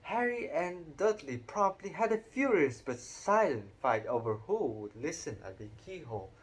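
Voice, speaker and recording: A man narrating a children's novel aloud in an unhurried, expressive reading with occasional stumbles. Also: a little high, breathy edge. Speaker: audiobook narrator. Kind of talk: storybook read-aloud narration.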